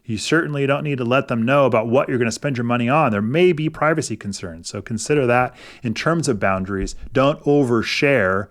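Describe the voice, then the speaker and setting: A middle-aged man hosting a personal finance video, explaining things in a thoughtful, casual way with gentle coaching and some hesitant restarts. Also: medium pitch, a little fast, hardly any pauses. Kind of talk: casual explanatory talk to camera.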